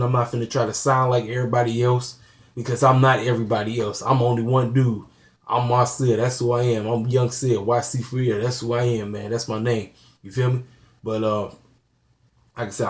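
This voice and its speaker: An earnest man speaks directly to his viewers in a casual, preachy way, with a voice of ordinary middle pitch. He talks plainly and loops back on himself often, leaning on "you know" and "like I said". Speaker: channel host. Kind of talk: casual talk to camera.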